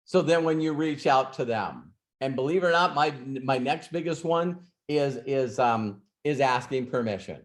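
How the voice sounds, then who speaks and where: A man's voice: medium pitch, expressive, normal speed, few pauses. A man hosting an ask-me-anything session, telling stories and giving advice in a loose, rambling way with many restarts and asides. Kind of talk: casual storytelling and advice.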